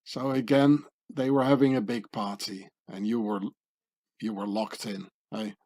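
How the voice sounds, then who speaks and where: On his own channel, a man narrates images on screen in a sardonic, conspiratorial manner, frequently ending remarks with questions. His voice sits on the low side, with a level, slightly mellow tone and an unhurried pace.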